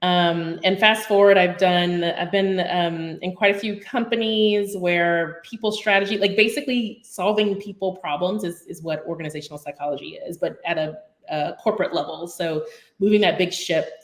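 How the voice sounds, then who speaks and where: A woman's voice: fairly low pitch, normal speed. A middle-aged woman telling her story in a casual podcast chat, with lots of ums. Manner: chatty, many ums, storytelling. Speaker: guest basketball commentator. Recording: roomy echo.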